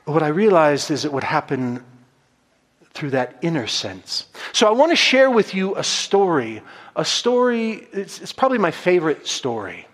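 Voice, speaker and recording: A man preaches in a measured, reflective way, and his fairly high voice rises and falls in a lively manner. His words linger in a reverberant hall. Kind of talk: sermon with storytelling.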